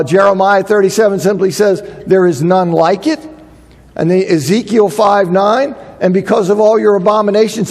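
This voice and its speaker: A high-pitched man gives a Bible lecture with a gravelly, husky edge to his voice. He leans on repetition for emphasis, and his words ring with the long echo of a large hall. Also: darkish tone. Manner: emphatic, repeats phrases for emphasis. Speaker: Bible teacher.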